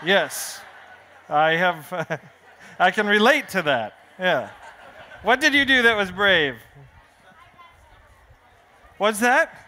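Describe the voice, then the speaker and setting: Bright, slow-talking playful man. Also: high-pitched, lively intonation. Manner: playful, showman-like banter with the crowd. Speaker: children's author. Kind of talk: live picture-book reading to a family audience. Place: outdoor festival stage.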